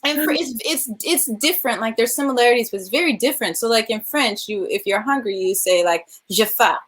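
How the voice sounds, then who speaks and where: A woman film director from California with a Californian accent, telling an animated story in a virtual interview and acting out what other people said. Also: fairly high pitch, brisk. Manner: animated, laughs often, acts out quoted voices. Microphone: video call.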